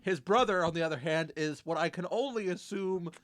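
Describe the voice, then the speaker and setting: A man's voice: high-pitched, brisk, a bit bright. A man co-hosting a podcast, bantering and joking with casual swearing. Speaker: podcast co-host. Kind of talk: casual chat.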